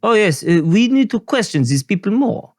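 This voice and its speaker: A man's voice: high-pitched, big pitch swings, moderate pace, no echo, studio quality, voice pushed up. A man putting on a goofy, exaggerated stereotyped Frenchman for a joke. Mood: mocking. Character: mocking stereotyped Frenchman, male adult.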